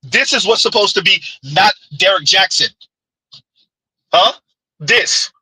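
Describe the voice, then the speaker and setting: Animated, husky man reacting in disbelief. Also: high voice, takes it slowly, no room sound, poor audio. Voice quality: husky, very bright and animated, incredulous exclamations. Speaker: commentary streamer. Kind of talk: reaction commentary.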